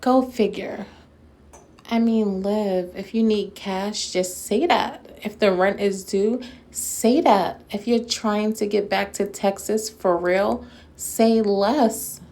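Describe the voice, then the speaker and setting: A woman's voice: mid-range voice, steady tone, takes it slowly, darkish tone. A woman hosting a casual commentary video, talking straight to her audience as friends, with a sarcastic, mocking edge and frequent laughter. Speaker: commentary YouTuber.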